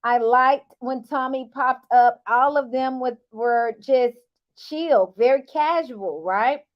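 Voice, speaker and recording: High-voiced woman, sassy recap vlogger, casual and teasing. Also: takes it slowly, lo-fi sound. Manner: sassy and animated, teasing asides. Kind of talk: casual chatty commentary.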